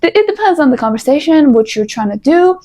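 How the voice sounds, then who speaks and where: Young female vlogger, high pitch, lively advice-giving talk with playful asides. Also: fairly quick. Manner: animated, coaching, playful asides. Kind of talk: casual advice talk to camera.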